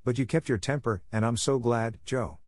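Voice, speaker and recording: A man voicing a gentle, proper older teenage sister who speaks approvingly, in a storybook reading. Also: medium pitch, fairly even intonation, moderate pace, natural voice.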